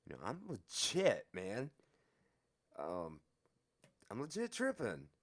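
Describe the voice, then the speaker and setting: A man telling a story from his own life in a casual, profane, lively way. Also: fairly low pitch, slow.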